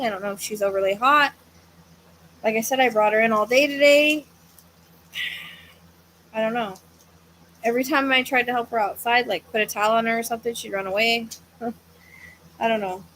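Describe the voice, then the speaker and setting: A woman's voice: a little high, fairly even intonation, brisk, long pauses, a bit bright, slight background noise, poor audio. A woman hosting a psychic livestream, chatting casually in a tired, hesitant, rambling way with many fillers, yawning at times. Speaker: psychic medium livestream host. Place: at home with a fan running.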